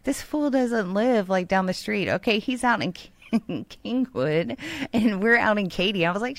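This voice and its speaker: A woman radio co-host, chatting casually and telling an animated story, acting out other people's lines. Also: mid-range voice, normal speed, dry recording. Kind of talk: casual on-air banter and storytelling.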